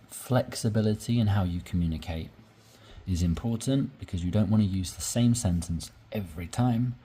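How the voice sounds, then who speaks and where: A man's voice: sits low, mellow, husky. A man teaching English conversation, explaining sentence structure step by step and often checking in with "right?".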